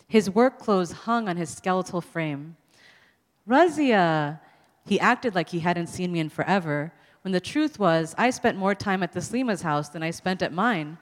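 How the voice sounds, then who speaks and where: A woman author reading her own story aloud at a public event, expressive and amused. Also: lowish voice, normal speed. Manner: expressive, amused, laughs between lines. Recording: long hall reverb.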